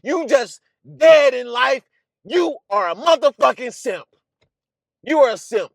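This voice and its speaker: A man with a strikingly high-pitched voice delivers an emphatic monologue as host of his own channel. He preaches bluntly and profanely, circling back to the same phrases again and again. The sound is dry and close, with no room around it. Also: animated, a little slow, gravelly, no echo. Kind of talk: ranting commentary monologue.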